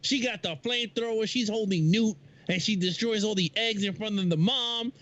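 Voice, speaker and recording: A man's voice: high voice, normal speed, dull audio. A man chatting casually about movies on a video call, loose and rambling, acting out scenes and sound effects. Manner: animated, acts out movie lines and sounds; loose and rambling, with many restarts. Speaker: podcast guest.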